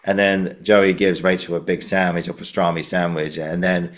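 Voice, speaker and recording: A man's voice: deep voice, level tone, normal speed. A young adult man hosting a podcast, chatting casually, rambling with lots of fillers and restarts. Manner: rambling, many fillers and restarts, laughs often. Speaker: podcast host. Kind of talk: casual interview chat.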